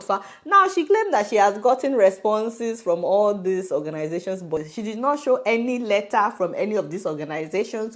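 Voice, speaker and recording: A woman with a Nigerian accent giving an animated, mocking commentary on a video, often exclaiming in disbelief. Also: mid-range voice.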